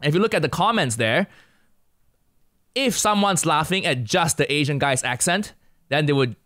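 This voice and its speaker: A man's voice: on the high side, expressive, moderate pace, fairly bright tone, no echo, clean studio sound. A young man from Asia, a comedian and guest on a casual podcast, laying out his view point by point. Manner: lays out his argument point by point.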